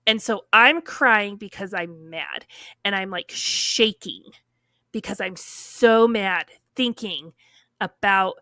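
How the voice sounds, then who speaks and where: Animated woman telling a story, bright voice. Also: mid-range voice, no room sound, studio quality. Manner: animated, many fillers, acts out quotes. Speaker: podcast guest telling her story. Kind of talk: casual storytelling.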